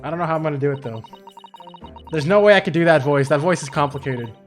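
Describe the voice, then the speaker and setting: A young man doing excitable, swear-heavy let's play commentary as a streamer. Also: on the high side, quick pace. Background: faint game music.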